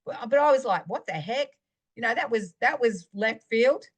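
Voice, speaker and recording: A middle-aged woman, sharing a faith testimony in a chatty, animated storytelling way. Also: fairly high pitch, normal speed, slightly rough. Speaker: podcast host.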